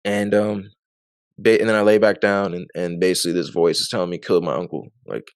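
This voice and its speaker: An interview guest with a lowish, steady voice tells his story fairly quickly in a casual testimony. He rambles loosely with lots of fillers and laughs often, and the studio recording is clean, with no echo.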